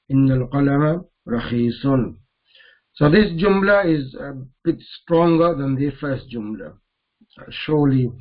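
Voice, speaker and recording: Man teaching grammar, dull-sounding recording. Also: mid-range voice. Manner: repeats each term slowly, mixing Arabic terms into English. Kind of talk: classroom grammar lesson.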